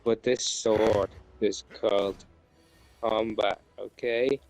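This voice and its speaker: A man's voice: on the low side, fairly even intonation, slow pace, darkish tone, no echo, low-quality recording. Man setting up puns, music faint behind. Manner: setting up puns with frequent "right?". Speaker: friend telling jokes. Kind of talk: casual chat with friends.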